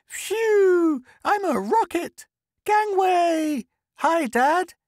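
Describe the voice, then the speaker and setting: A shrill excited little boy. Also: very slow, dry recording, clean studio sound, exaggerated voice. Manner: loud, breathless shouting. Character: excited young boy playing rocket.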